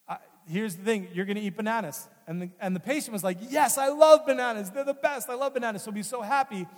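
In this sermon, a male pastor with a high voice preaches earnestly and conversationally, leaning on repeated phrases. A long hall reverb surrounds his voice.

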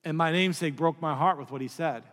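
A man's voice: a little high, quick pace, a bit bright. A middle-aged man preaching a sermon as pastor, in a conversational, storytelling way with casual asides. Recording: long hall reverb.

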